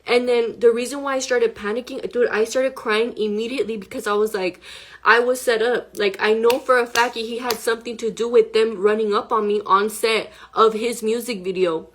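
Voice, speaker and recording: A young woman telling her own story to the camera, rushed and emotional, swearing and filling with "like". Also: a little high, fairly even intonation. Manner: rushed, profane, full of "like". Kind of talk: emotional personal account to camera.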